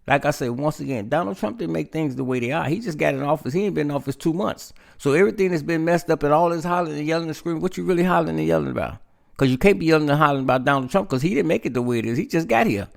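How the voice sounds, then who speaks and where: A man's voice: on the high side, animated, very fast, creaky. A man giving a casual political monologue, talking straight to his listeners and calling them "man" again and again. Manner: addresses listeners as "man", repeats himself. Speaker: political commentator.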